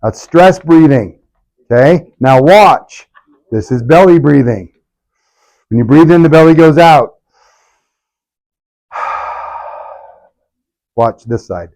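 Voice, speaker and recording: A man's voice: fairly high pitch, animated, slow, long pauses, darkish tone. A middle-aged man, a chiropractor, leading a live workshop with punchy talk, sarcastic asides and constant rhetorical questions.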